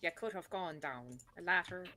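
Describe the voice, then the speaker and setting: A woman's voice: fairly low pitch, moderate pace, a crowd in the background. A woman playing in a tabletop game, talking in a wry, practical way. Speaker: player. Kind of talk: casual tabletop game chat.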